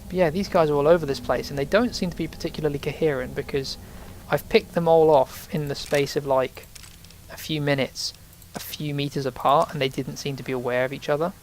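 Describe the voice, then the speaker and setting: A man's voice: on the high side, fairly even intonation, brisk, slight background noise. A man giving rambling, casual commentary while playing a video game, sometimes swearing when startled. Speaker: let's play host.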